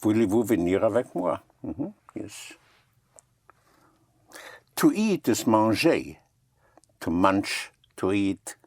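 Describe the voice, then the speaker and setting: A man giving a French lesson in an unhurried, patient way, saying every word again and spelling it out one letter at a time. His voice sits a little low, and the sound is close and dry with no room echo. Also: sing-song, darkish tone, breathy edge. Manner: patient, repeats words and spells them letter by letter. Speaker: French teacher. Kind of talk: language lesson.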